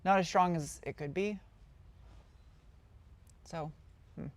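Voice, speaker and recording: A woman's voice: lowish voice, slow. Chatty woman answering live chat. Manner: chatty, rambling, reads out chat questions and answers them. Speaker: car-build YouTuber answering live chat. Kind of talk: casual live-stream Q&A.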